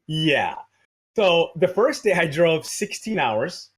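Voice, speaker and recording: A man, a podcast guest, telling an exaggerated road-trip story in casual, animated chat. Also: fairly high pitch, slow pace, husky.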